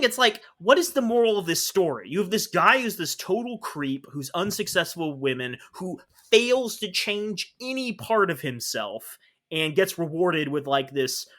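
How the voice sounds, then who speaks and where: Bright-voiced sarcastic man ranting. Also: high voice. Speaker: podcast co-host. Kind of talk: casual chat.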